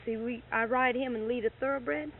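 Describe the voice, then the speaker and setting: A middle-aged horse owner with a somewhat high voice chats casually at a moderate pace, telling stories. She's animated, acts out the quoted dialogue, and gets heated retelling moments of anger. It sounds like tinny lo-fi tape with faint hiss.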